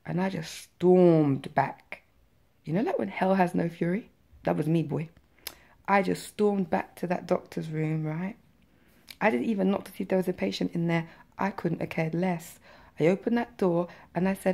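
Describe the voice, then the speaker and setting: A woman's voice: on the low side, moderate pace, vocal fry, mellow. A woman vlogger telling her personal story to camera in a chatty, emphatic way, with many fillers and tag questions.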